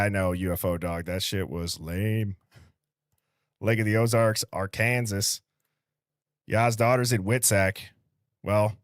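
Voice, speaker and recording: A man's voice: on the low side, no echo, studio quality. A man with a Midwestern accent hosting a livestream, casually greeting viewers and reading comments in an upbeat, chatty way. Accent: American Midwest. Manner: upbeat, chatty, quick shout-outs with light laughs. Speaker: livestream host.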